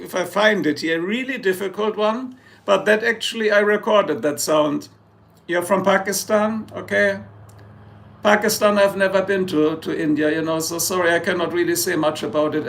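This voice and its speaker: A man's voice: a little high, vocal fry, a bit bright. A German man with a German accent, hosting a casual live stream, joking and rambling as he answers chat. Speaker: livestream host.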